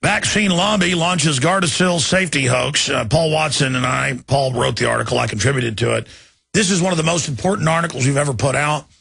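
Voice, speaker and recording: A man's voice: on the high side, vocal fry, pushed and bright, breathy edge, no echo. A man hosting a talk radio show, delivering an urgent, indignant monologue and pleading with his listeners.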